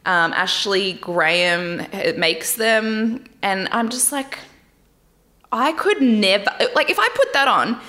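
A woman's voice: medium pitch, animated, slow pace, pushed and bright. A young woman vlogging casually about a dating show, candid and chatty, often laughing and swearing lightly. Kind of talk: casual chat.

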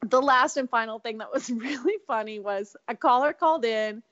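A woman co-hosting a podcast, telling a gossipy story in animated casual chat and laughing often. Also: a little high, normal speed, no room sound, highs cut off. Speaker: podcast co-host.

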